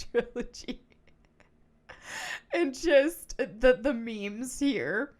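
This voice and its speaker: A woman YouTuber giving casual, animated video commentary and laughing often. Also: sits high, extremely slow, long pauses.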